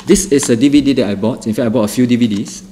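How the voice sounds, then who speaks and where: A middle-aged man tells his testimony in a mellow, warm tone, earnest and often repeating a phrase for weight. He stumbles and restarts now and then, and a faint noise lies under his voice. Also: medium pitch, very fast. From Singapore. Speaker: testimony speaker. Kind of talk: spoken testimony.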